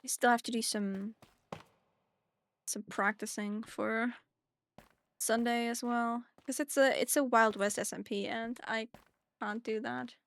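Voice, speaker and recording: A woman's voice: a little high, fairly even intonation, a little slow, pauses often, no echo. A young German woman, a native German speaker with an English accent that mixes British touches, chatting in a rambling, self-deprecating way while streaming a game. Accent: German-speaker with mixed British touches. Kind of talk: casual chat while playing.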